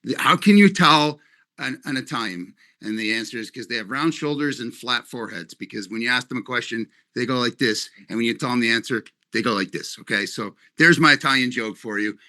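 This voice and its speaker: A man from Canada hosting a company webinar, his voice bright and forceful. He rambles, jokes and gets animated while he talks to the audience. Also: medium pitch, brisk. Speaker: company leader. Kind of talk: live webinar presentation.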